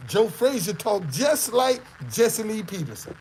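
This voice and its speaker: A man's voice: sits high, big pitch swings, measured pace, darkish tone, a little hiss or hum, low-quality recording. A man from the Southern United States with a Southern accent, hosting casual commentary on a clip; he talks emphatically, repeats phrases and throws out rhetorical questions. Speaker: host.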